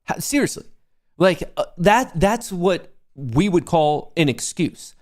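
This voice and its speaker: A young man hosting a casual livestream about day trading, swearing often and breaking into loud, jokey bragging. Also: a little high, takes it slowly. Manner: excitable, profane, jokey bragging. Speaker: livestream host, day trader.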